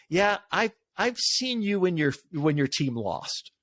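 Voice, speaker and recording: A middle-aged man joins a casual podcast chat, speaking plainly and often restarting mid-thought. His pitch moves in a lively way. The sound is close and dry. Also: measured pace, no echo. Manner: animated, plain-spoken, trails off and restarts. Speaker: podcast guest. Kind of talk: casual conversation.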